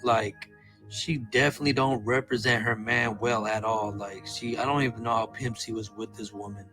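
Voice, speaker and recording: A man's voice: fairly low pitch, steady tone, normal speed, over music, poor audio. A man giving casual commentary in a played clip, asking puzzled questions about what doesn't make sense to him.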